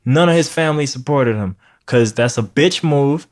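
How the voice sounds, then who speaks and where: A man chats loosely on his podcast. He rambles and swears freely, and his voice sits at an ordinary middle pitch. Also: normal speed. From New York. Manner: profane, rambling, animated storytelling. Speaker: podcast host. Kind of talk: casual chat.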